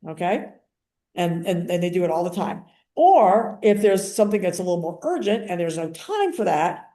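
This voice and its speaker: An older woman talks through a training session in a loose, chatty way, slipping into the voices of people she quotes. Her tone is warm and mellow. The sound is roomy, with noticeable echo. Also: mid-range voice. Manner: chatty, acts out quoted conversations. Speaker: activist and paralegal giving a training. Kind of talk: casual spoken training talk.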